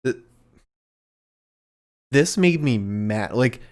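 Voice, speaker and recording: A podcast co-host talking through a wrestling show in casual chat, opinionated and pausing to restart sentences. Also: medium pitch, lively intonation, a little mellow.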